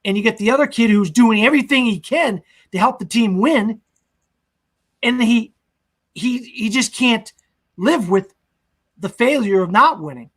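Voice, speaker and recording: A man's voice: extremely high pitch, expressive, measured pace, long pauses, fairly bright tone. A young man co-hosting a casual podcast, retelling a movie's scenes with lots of fillers and acting out quotes. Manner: rambling recap with fillers, acts out quotes. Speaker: podcast co-host.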